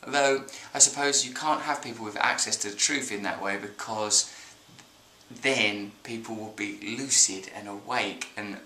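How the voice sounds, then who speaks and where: A man hosting a comic news monologue, mocking the headlines and then dropping into a soft, reflective reading voice. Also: on the low side, steady tone, moderate pace, reverberant, a little hiss or hum, poor audio. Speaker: host.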